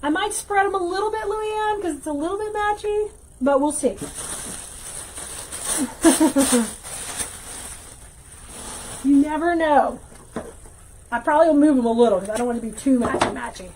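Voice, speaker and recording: A woman hosting a casual livestream craft tutorial, chatting with viewers and thinking out loud as she works. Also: high voice, a little slow, long pauses, a little hiss or hum, poor audio. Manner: chatty, reads viewer comments aloud, thinks out loud while working. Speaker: wreath-making teacher and livestream host.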